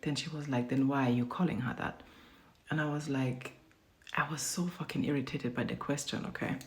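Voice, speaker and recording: A woman's voice: very deep voice, steady tone, brisk, darkish tone. A woman in her thirties telling a parenting story in a blunt, profane, emphatic casual rant. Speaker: parent vlogger.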